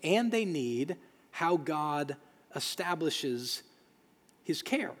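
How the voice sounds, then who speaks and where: Male pastor, slightly high voice, earnest emphatic sermon delivery, echoing church hall. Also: expressive, drawn-out words. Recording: long hall reverb.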